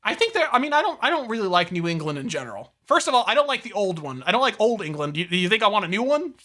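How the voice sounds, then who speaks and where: Male podcast co-host, bright fast voice, rambling comic grump. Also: sits high, sing-song. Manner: rambling, full of "like" and restarts, mock-grumpy rants. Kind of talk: casual comedic chat.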